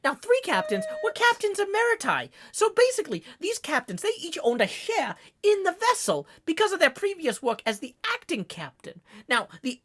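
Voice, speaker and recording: A streamer voicing a chatty young male sailor with a New Jersey accent, rambling fast in a gossipy way. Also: very high-pitched, sing-song, a bit bright, pitched above the performer's own voice, full character voice.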